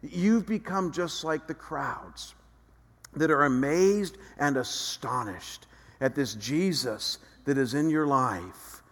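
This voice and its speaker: A male pastor delivers a sermon in a slightly high voice, and the sound rings with long reverb through a large church hall. He drops low and slow for quiet reflection, then climbs loud and animated as he acts out the voices of others.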